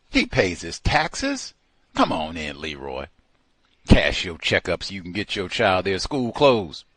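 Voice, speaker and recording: A man hosting a call-in radio show, talking in a slow, deliberate and emphatic way. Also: mid-range voice, fairly bright tone, no room sound.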